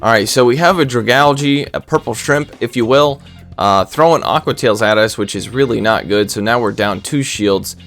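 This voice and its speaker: A man's voice: medium pitch, moderate pace, a bit bright, faint music behind. A man giving casual, rambling game commentary, full of stutters and self-deprecating asides. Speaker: gaming commentator.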